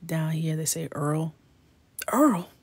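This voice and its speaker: A woman's voice: low voice, a little slow, a little hiss or hum. A woman hosting a coloring livestream, chatting casually, laughing and reacting to viewers' comments. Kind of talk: casual chat while coloring.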